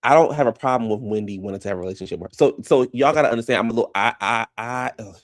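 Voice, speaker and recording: A man's voice: mid-range voice, rapid-fire, no room sound, clean studio sound. A man casually recapping a reality TV episode, chatty and frank, often trailing off and restarting mid-thought.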